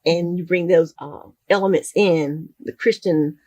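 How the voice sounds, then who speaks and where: An older woman speaks in a low, slightly husky voice. She tells her stories at an easy conversational pace. Now and then she acts out bits of dialogue. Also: steady tone, unhurried, no room sound. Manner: warm storytelling, acts out quoted dialogue. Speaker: guest. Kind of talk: casual interview conversation.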